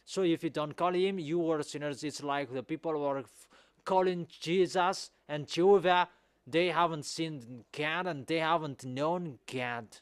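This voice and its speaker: Forceful preacher man, smooth dry voice. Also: fairly high pitch, measured pace, no echo. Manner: emphatic, repeats points, rises to loud exhortation. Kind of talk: sermon.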